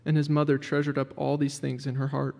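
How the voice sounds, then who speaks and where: A man reading scripture aloud to a congregation in a measured, formal way. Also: medium pitch, completely flat delivery, gravelly, a little mellow. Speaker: scripture reader. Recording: long church reverb.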